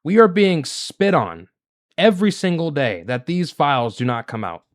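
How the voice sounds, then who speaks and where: A man's voice: fairly high pitch, very animated, normal speed. A man hosting a solo political commentary show, talking in an indignant, emphatic way and piling up rhetorical questions.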